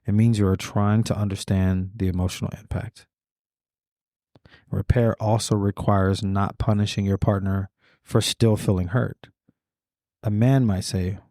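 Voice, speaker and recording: A middle-aged man hosting a podcast, speaking in a measured, deliberate monologue with slow emphatic pauses. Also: lowish voice, steady tone, dark tone, no room sound, studio quality. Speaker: podcast host. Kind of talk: reflective podcast monologue on fathering.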